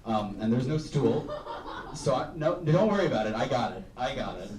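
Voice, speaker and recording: A man's voice: medium pitch, expressive, normal speed, crowd noise. Rambling young male stand-up comic. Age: young adult. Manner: rambling, self-deprecating, full of "um" and "like". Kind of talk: stand-up comedy set. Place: live comedy room with audience. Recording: roomy, distant live recording.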